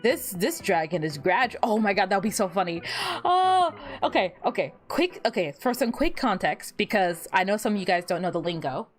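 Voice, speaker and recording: Lively giggly young woman streamer. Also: mid-range voice, normal speed, faint music behind. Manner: animated and giggly, often laughing at her own jokes; rambling, repeats words while fiddling with her setup. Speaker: VTuber streamer. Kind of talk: casual livestream chat.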